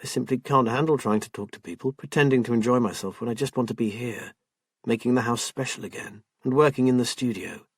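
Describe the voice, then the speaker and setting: A man's voice: medium pitch, a little fast, slightly rough, no echo, clean studio sound. A man voicing a stressed, overworked woman who snaps impatiently and then breaks down, in an audiobook. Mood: contrite. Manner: sharp and impatient, turning tearful. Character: tense overworked woman artist, snappish.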